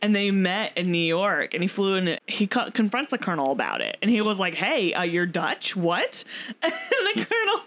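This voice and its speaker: A woman's voice: mid-range voice, wildly swooping pitch, brisk, a bit bright. A woman hosting a podcast, telling a story in casual chat with lots of fillers and frequent laughter. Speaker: podcast host.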